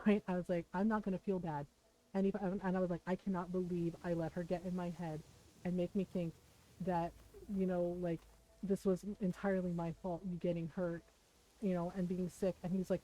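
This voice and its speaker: A woman's voice: on the low side, fairly even intonation, moderate pace, dark tone, low-quality recording. A middle-aged woman streamer telling a personal story in casual chat while she plays, frank and full of swearing, laughing between lines.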